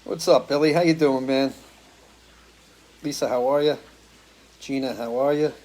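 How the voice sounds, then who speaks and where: A middle-aged man from the US Northeast, a musician hosting a relaxed live stream from a porch, greeting viewers by name one after another, his voice a bit worn from singing. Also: mid-range voice, normal speed. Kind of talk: casual chat greeting viewers. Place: porch at home.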